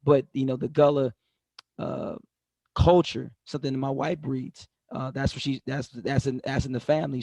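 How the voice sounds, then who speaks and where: A male talk-show host with a medium-pitched voice, heard dry and close to the mic. He talks in long, emphatic runs, restarting phrases as he builds toward his question. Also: a little mellow, dry recording. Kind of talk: conversational interview.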